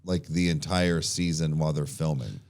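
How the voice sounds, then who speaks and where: A man's voice: very deep voice, normal speed. A man co-hosting a podcast in casual chat, rambling with frequent restarts and casual swearing. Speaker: podcast co-host.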